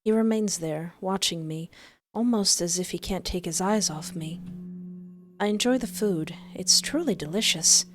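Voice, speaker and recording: A woman reading a visual novel aloud in first person, expressive, with exasperated asides. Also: fairly low pitch, moderate pace, over music. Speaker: game player narrating.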